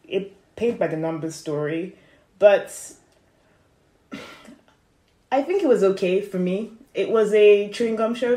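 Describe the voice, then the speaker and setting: A woman co-hosting a casual podcast, relaxed and agreeable, often murmuring along in agreement. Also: lowish voice. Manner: relaxed, agreeable, gives frequent murmured backchannels. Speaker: podcast co-host. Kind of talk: casual chat about dramas. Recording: echoey room.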